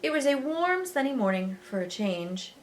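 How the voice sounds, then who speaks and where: A woman teacher reading a children's novel aloud with expressive storytelling. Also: high-pitched, normal speed, slight background noise.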